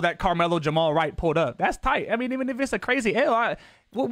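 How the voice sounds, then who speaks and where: A man's voice: sits high, animated, fast, a bit bright, no room sound. Slangy, profane male gaming streamer. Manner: loose, slangy and profane, voice jumping up when he gets defensive. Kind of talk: casual live-stream chat with viewers.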